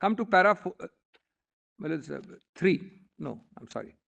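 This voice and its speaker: A man's voice: high voice, very animated, normal speed, gravelly, fairly bright tone. A man with an Indian English accent arguing formally and emphatically before a bench as a senior advocate, often addressing the judges as my lords. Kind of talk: courtroom argument.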